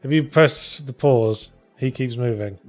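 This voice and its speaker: A man of middle pitch gives casual, wry commentary over his own game. He explains the mechanics as he plays, and faint background music runs beneath his voice. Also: a little slow, a little mellow. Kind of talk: casual let's-play commentary.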